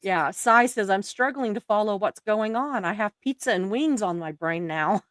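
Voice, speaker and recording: A woman's voice: medium pitch, lively intonation, moderate pace, dry recording, studio quality. Giggly Southern woman hosting a stream. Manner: giggly, chatty, laughs often. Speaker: livestream host. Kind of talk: casual chat reading viewer comments.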